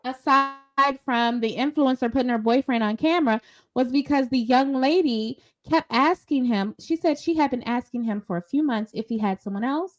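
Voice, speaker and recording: A woman's voice: high-pitched, moderate pace. A woman co-hosting a casual pop-culture podcast, telling stories emphatically and acting out the quotes. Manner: animated, emphatic storyteller, acts out quotes. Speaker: podcast co-host.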